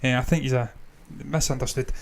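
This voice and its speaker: Fast, swearing man. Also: medium pitch, steady tone, gravelly. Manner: swears freely, laughs often, rambling. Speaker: podcast co-host. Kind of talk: casual film review chat.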